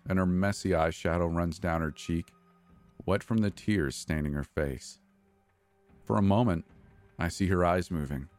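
Male horror narrator, very low and grim, dry close read. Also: darkish tone, no room sound. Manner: grim, measured first-person storytelling.

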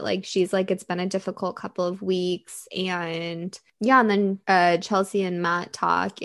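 A woman co-hosting a podcast, chatting animatedly about a reality show, quick to laugh. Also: lowish voice. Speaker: podcast co-host. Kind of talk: casual chat recapping a reality show.

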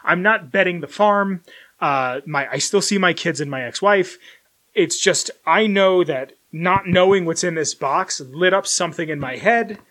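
A young man casually chatting through an unboxing, rambling and self-deprecating, with sudden bursts of loud excitement. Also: sits high, measured pace. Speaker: collector unboxing merchandise. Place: home room with collectibles shelf.

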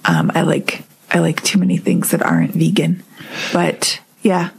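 A woman's voice: sits low, big pitch swings, unhurried, vocal fry, husky. A woman who is a guest on a casual podcast, talking in a chatty, rambling, self-deprecating way.

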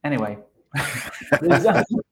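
A man with a South American Spanish accent teaches in a relaxed podcast chat. His voice sits at a middling pitch, and he explains patiently, chuckling at his own slips. He is a native Spanish speaker. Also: unhurried. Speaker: English teacher, podcast co-host. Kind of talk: conversational podcast lesson.

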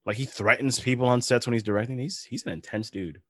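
A man's voice: mid-range voice, quick pace, fairly bright tone, dry recording. A man hosting a podcast in casual chat, telling stories animatedly, laughing often and swearing. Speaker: podcast host.

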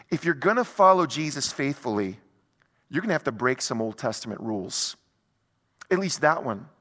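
A male pastor delivers a sermon conversationally and with animation, packed with rhetorical questions, his on-the-high-side voice trailing a long reverb tail.

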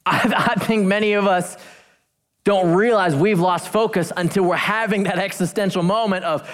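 A woman preaching a sermon, animated and emphatic, with jokey asides and slowed-down key phrases. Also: mid-range voice, big-room sound.

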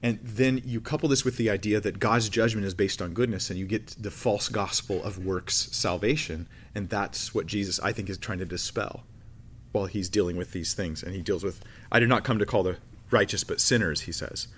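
A man's voice: fairly low pitch, fairly even intonation, normal speed, husky. Joking, conversational male Bible teacher. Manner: conversational, joking, frequent restarts. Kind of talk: casual teaching talk.

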